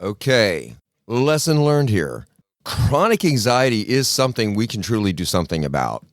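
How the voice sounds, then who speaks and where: A podcast host with a lowish, sing-song voice tells a story at a moderate pace in casual solo talk, recorded dry and at studio quality. He's a folksy storyteller who acts out the people he quotes and restarts himself often.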